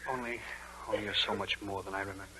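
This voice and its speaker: Ardent young lover Newland, played by an actor. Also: male voice, lowish voice, steady tone, quick pace, natural voice. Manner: urgent, pleading, breathless romantic. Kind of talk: 1940s radio acting. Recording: old radio broadcast with faint hiss.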